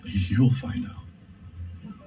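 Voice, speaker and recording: A man voicing a tall, thin, spider-like veiled being of no clear sex, speaking slowly and cryptically in a tabletop game. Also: sits low, darkish tone. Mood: cryptic. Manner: slow, solemn and cryptic. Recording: distant mic with faint music.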